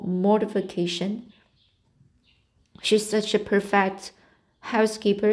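A woman's voice: mid-range voice, darkish tone. A woman reading a classic novel aloud, hesitant, stumbling over words and restarting. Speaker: reader.

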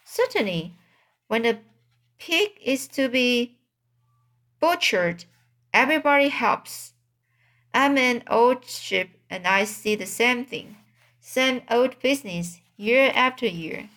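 A woman reading aloud, voicing an old female sheep who speaks bluntly and snappishly, slowly. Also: a little high, expressive, fairly bright tone, pitched above the performer's own voice.

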